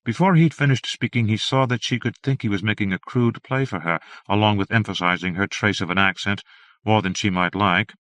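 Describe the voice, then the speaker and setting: A man narrating an audiobook in a measured, steady reading style. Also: on the low side, no room sound. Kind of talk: scripted narration.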